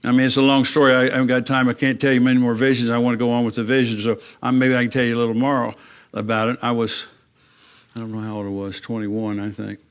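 A man's voice: little pitch movement, quick pace, clear, resonant tone. An older man giving a testimony from the pulpit in a plain, down-to-earth way. He tells his story with the back-and-forth talk in it, and his voice climbs when he gets worked up. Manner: plain-spoken storytelling, acting out his own dialogue with rising pitch when emotional. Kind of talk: personal testimony in a church talk.

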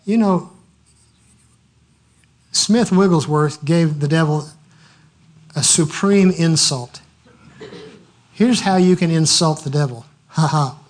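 A man with a high voice preaches with animated storytelling. He laughs heartily as he acts out his stories. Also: slow pace, pauses often. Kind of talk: sermon with storytelling.

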